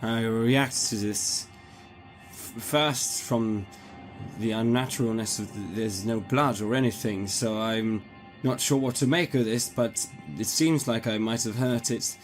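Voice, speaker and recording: A man's voice: mid-range voice, measured pace, soft background music. A man playing a tabletop game, talking hesitantly and thinking aloud as he plans his moves. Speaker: player.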